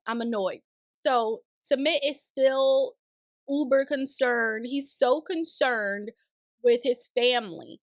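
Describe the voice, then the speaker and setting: A woman's voice: a little high, fairly bright tone, no echo, clean studio sound. A young woman recapping a reality show in casual, sassy commentary with exasperated, opinionated asides.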